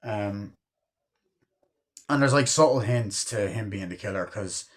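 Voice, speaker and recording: A man's voice: on the low side, unhurried. A young man casually reviewing a film, rambling with lots of fillers and frequent swearing. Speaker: movie reviewer.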